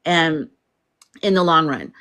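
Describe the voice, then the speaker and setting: A woman's voice: sits low, expressive, slow pace, bright, forceful tone. A woman hosting a casual livestream, chatting freely, reading viewer comments aloud and laughing often. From United States. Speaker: livestream host.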